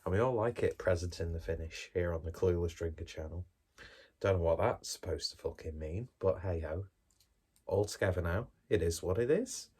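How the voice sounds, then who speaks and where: A fairly low-pitched man, talking through a beer review in a loose, chatty way. His delivery is wry and offhand, with casual swearing sprinkled in. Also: normal speed, a little mellow, breathy edge.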